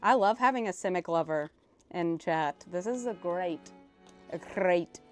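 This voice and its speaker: A woman hosting a casual live stream while opening cards, excitable and emotional, swearing freely. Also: lowish voice, a little slow, faint music behind. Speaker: livestream host.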